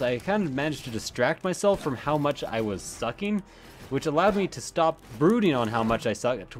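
A man giving casual, rambling commentary while playing a video game, swearing often and drifting into asides. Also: mid-range voice. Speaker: let's play gamer.

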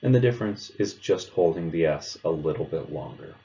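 A man narrating a pronunciation lesson, explaining sounds in a clear, measured way. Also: low voice, animated, dark tone, muffled recording. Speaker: language teacher. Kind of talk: instructional narration.

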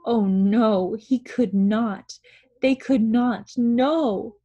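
A woman reading a storybook, voicing an upset young boy who pleads in a raised, husky voice. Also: on the high side, drawn-out words, dark tone, highs cut off, faint music behind, heavily acted. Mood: pleading.

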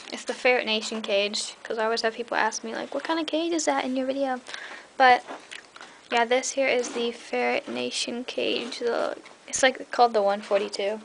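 A young woman with a fairly high voice chats on through a home tour of her pets' cages. She sounds tired and rambles, full of ums and likes. The handheld camera mic picks up clear background noise. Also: a bit bright, poor audio. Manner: rambling, chatty, many fillers; high coaxing voice when calling her pets. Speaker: pet vlogger. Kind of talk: casual pet cage tour. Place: indoor room at home.

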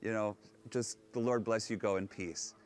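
A man's voice: fairly even intonation, normal speed, natural voice. A man doing a cool, unbothered prophet. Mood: laid-back. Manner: laid-back, low-key. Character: calm, unbothered old prophet.

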